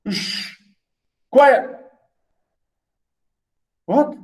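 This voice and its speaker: A man's voice: extremely high pitch, very slow, long pauses, darkish tone, rough recording. A man lecturing a class, reading a story aloud and asking students rhetorical questions. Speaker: literature lecturer.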